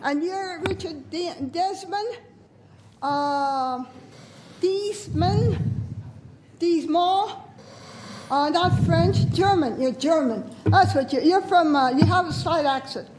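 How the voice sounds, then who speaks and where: A woman's voice: very high voice, slow, long pauses, noisy background. A woman speaking off to the side of a podium microphone during public comment in a board chamber, rambling and accusatory and repeating herself. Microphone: off to the side of a podium mic.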